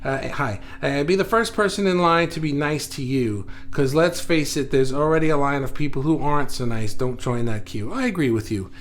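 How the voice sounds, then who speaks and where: A man hosting a casual live stream, reading viewer comments aloud and thinking out loud with many restarts, recorded indoors under studio lights. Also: medium pitch, normal speed, hardly any pauses, slight background noise. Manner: rambling, self-correcting, reflective. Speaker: livestream host. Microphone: facing camera, reading viewer comments.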